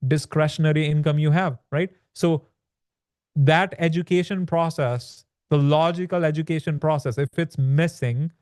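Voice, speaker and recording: A man's voice: fairly high pitch, fairly even intonation, normal speed, darkish tone, no room sound, clean studio sound. A man, a podcast guest, explaining in casual talk and often dropping "like" and "right?". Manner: explanatory, peppers speech with "like" and "right?". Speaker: podcast guest, land business author. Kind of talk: conversational podcast interview.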